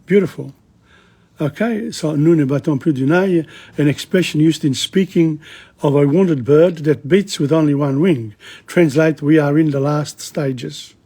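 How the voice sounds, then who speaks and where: Husky, chatty man teaching a language. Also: on the high side, dark tone. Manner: chatty, halting, with frequent restarts and asides. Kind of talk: language lesson, reading a dialogue and translating.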